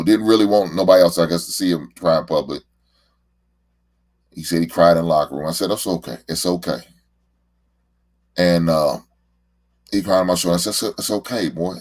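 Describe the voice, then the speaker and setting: A middle-aged man, a show host and father, talking in a casual, heartfelt monologue and often repeating words as he rambles. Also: deep voice.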